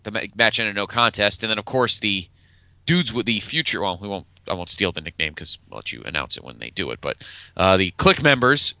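A podcast co-host chats loosely about old wrestling matches, animated and meandering, full of fillers and restarts. His voice is on the low side and creaky, fairly quick, in a dry recording.

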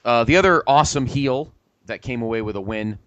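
A man's voice: mid-range voice, fairly quick, no room sound, muffled recording. A man hosting a casual podcast panel, playful and asking the others for their views. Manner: animated, playful, asks panelists questions. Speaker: podcast host.

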